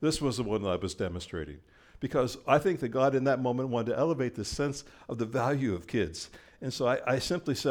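An older male pastor preaching a sermon, telling a story and acting out the quoted lines with lively, animated delivery. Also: mid-range voice, fast talker.

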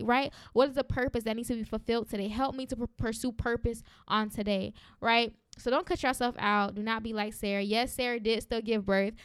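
A woman's voice: on the high side, steady tone, fairly quick, few pauses, clear, resonant tone, no room sound, studio quality. A woman hosting a faith-based podcast, encouraging listeners in a fervent, preachy way and often tagging lines with "right?". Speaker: podcast host.

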